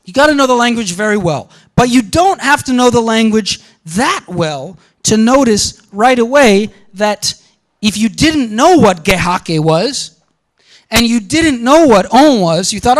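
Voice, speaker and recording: High-voiced man giving an animated lecture. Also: normal speed. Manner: animated, quotes example sentences, interrupts himself. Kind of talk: classroom lecture.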